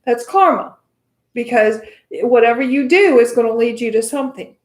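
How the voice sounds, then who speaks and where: Woman from the US, meditation teacher, casual teaching, keeps asking "right?", bright high voice, roomy echo. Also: lively intonation, normal speed. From United States. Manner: chatty, often adds "right?".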